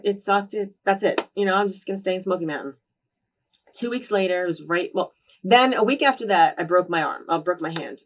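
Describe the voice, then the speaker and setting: A woman in her twenties as an interview guest, telling candid stories with lively quoted voices and frequent swearing. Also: lowish voice, recorded from a distance. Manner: animated, acts out quoted voices, swears freely. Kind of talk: candid storytelling in a shoot interview.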